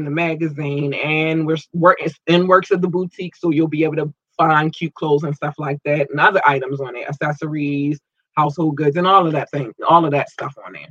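Upbeat male podcast host, animated, slightly high voice, dry close sound. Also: moderate pace, dry recording, highs cut off. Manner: upbeat, animated, stumbles over place names. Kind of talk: casual shout-outs to listeners.

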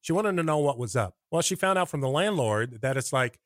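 A middle-aged man with an American Midwest accent, a radio personality telling rambling, animated stories in a conversational interview. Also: a little high, a little fast, dry recording, clean studio sound. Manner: rambling, animated anecdotes with acted-out quotes. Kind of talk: conversational storytelling.

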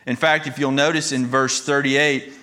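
A man's voice: mid-range voice, level tone, moderate pace, bright, forceful tone. A pastor preaching an earnest, emphatic sermon, restarting phrases as he goes.

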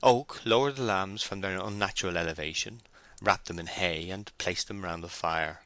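A man reading a classic novel aloud in a measured, deliberate narration. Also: low-pitched, fairly bright tone, no echo. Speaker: audiobook reader.

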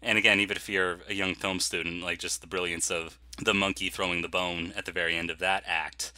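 A man's voice: low voice, little pitch movement, fairly quick, sharp tone, no echo. A man co-hosting a film podcast, chatty and laughing often, with frequent restarts. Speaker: podcast co-host. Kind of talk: casual film chat.

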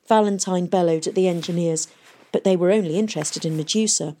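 A woman with a lowish voice narrates an audiobook, reading a script in a measured, even storytelling style.

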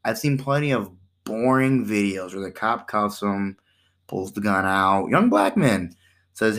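Animated man hosting a casual podcast. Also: on the low side, measured pace. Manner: animated, acts out quoted exchanges in shifting voices; conversational, with repeated "right?" and "you know". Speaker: podcast host.

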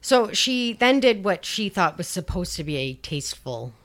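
A woman's voice: mid-range voice, very animated, moderate pace, a little hiss or hum. A woman hosting a podcast, recounting a true-crime case in a chatty way with sarcastic, sweary asides. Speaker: podcast host. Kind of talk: casual true-crime storytelling.

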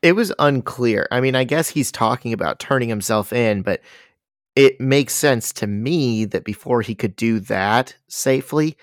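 A man's voice: mid-range voice, expressive, measured pace, no room sound, studio quality. A man co-hosting a casual comics podcast, answering briefly and agreeably. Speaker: podcast co-host. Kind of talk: casual chat.

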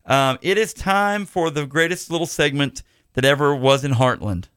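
A man's voice: on the high side, normal speed, a bit bright, clean tone, no room sound, studio quality. A man hosting a podcast, chatting casually in a jokey, rambling way with lots of fillers. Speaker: podcast host.

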